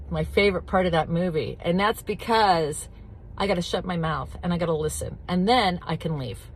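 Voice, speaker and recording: A woman's voice: fairly low pitch, normal speed, slight background noise. A middle-aged woman coaching addiction recovery, talking bluntly and directly, with emphatic repetition and casual swearing. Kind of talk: casual teaching talk to camera.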